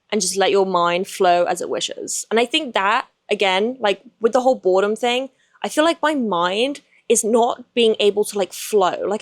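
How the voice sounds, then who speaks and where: A woman's voice: mid-range voice, no echo. Casual woman podcaster, talking straight and swearing lots, mid voice, dry close sound. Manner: frank and casual, swears freely, many likes and restarts. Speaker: podcast host. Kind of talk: candid personal podcast monologue.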